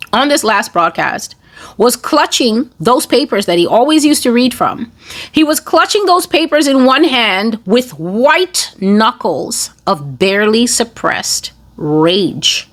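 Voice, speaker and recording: A woman who runs an online broadcast, slowly recounting a series of dreams as prophecy, in a deliberate, rambling way. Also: a little high, animated, fairly bright tone. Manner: slow, deliberate, rambling storytelling.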